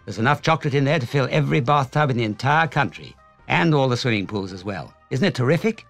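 A man voicing an excitable, eccentric chocolate-factory owner, exclaiming proudly in a storybook reading. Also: medium pitch, quick pace, gravelly, faint music behind.

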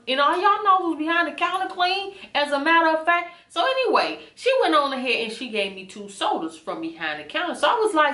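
A woman vlogger telling a storytime rant in an animated, indignant way. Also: extremely high pitch, moderate pace. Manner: animated, indignant storytelling with a few whispered bits. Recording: echoey room.

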